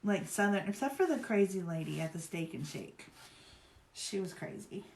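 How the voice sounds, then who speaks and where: A woman's voice: medium pitch, expressive, moderate pace, gravelly. A woman from Virginia hosting a live craft demo, chatting in a rambling, upbeat way while she works. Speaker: craft livestream host. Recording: roomy echo.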